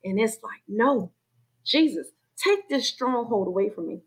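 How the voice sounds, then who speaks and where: A woman's voice: fairly high pitch, expressive, unhurried, slightly rough, rough recording. A woman sharing a personal faith testimony in conversation, acting out her own inner voices as she tells it. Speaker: guest sharing her story.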